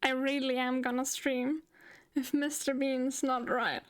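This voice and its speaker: A woman streaming live, chatting, thinking aloud and getting excited. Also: sits high, a little slow, clear, resonant tone. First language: German. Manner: excitable, talks to herself while thinking. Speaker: VTuber streamer. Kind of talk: live game stream chat.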